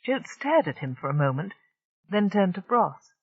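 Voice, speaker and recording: Steady science-fiction audiobook narrator. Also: medium pitch, normal speed, slightly rough, no echo, muffled recording.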